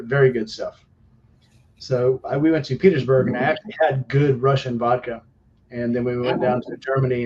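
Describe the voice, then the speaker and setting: A man in casual live-stream chat, wandering through long stories and stretching out his fillers. His voice sits at an ordinary middle pitch. The sound is slightly dull and lo-fi. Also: darkish tone, slight background noise. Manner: rambling storyteller, drawn-out fillers.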